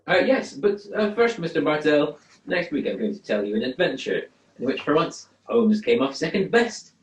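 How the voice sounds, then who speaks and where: A man's voice: a little high, big pitch swings, normal speed. Doctor Watson, played by a man, in a roomy space. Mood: earnest. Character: earnest male doctor, the detective's loyal companion. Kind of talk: radio drama acting. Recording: roomy home recording.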